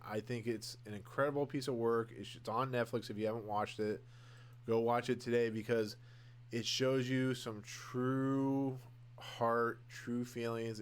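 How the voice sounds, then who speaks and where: A man's voice: fairly low pitch, slight background noise. A young man hosting a podcast, rambling casually through his opinions with many fillers and restarts, gushing over favorites and candid about dislikes. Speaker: podcast host. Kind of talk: casual solo commentary.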